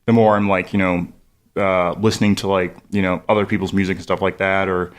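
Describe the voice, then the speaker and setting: A man's voice: deep voice, level tone, fairly quick. A young man, a musician guest on a college radio show, talking in a rambling way full of "like" fillers, with a cough drop in his mouth, close on a studio microphone. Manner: rambling, heavy "like" fillers, laughs often. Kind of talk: casual radio interview.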